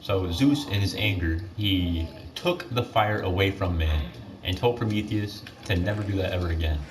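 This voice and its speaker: A teenage boy rambles through a story mid-game, piling up fillers and correcting himself as he goes. His voice sits somewhat low. The mic is set back from him, and steady noise runs underneath. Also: moderate pace. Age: teens. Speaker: gamer retelling myths. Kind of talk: casual gaming commentary. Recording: distant mic with clear background noise.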